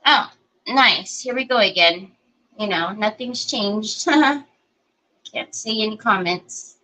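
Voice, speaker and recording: A woman's voice: mid-range voice, slow, bright, forceful tone, low-quality recording. A woman hosting a live crafting stream, thinking aloud as she works and greeting viewers by name. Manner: chatty, greets viewers by name while working. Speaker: craft livestream host. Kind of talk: casual live crafting chat.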